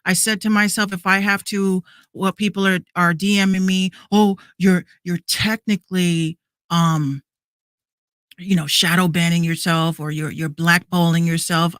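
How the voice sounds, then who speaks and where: Podcast host, woman in her 30s, bright dry voice, heated swearing rant. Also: lowish voice, no room sound. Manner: heated, repetitive, swearing rant with many restarts.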